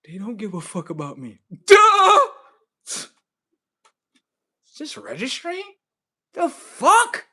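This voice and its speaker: Male live streamer, high-pitched and animated, with a profane, slangy rant. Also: takes it slowly, long pauses.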